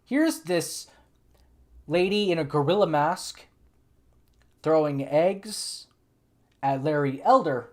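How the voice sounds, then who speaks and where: A man's voice: fairly high pitch, animated, slow, pauses often, darkish tone. A man hosting a live political commentary stream, sarcastic and exasperated, thinking aloud with frequent restarts.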